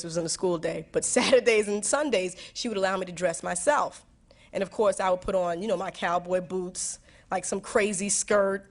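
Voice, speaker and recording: A young woman speaks candidly to a room of high school students, mixing stories with lessons. Her medium-pitched voice drifts between earnest reflection and playful asides. She laughs freely and restarts her sentences as she thinks. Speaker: guest speaker answering students.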